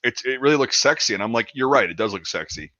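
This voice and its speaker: A man's voice: medium pitch, animated, fast talker, bright, forceful tone, dry recording, lo-fi sound. A man in his thirties telling a rambling story in casual chat, swearing often and acting out quotes. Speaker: podcast host.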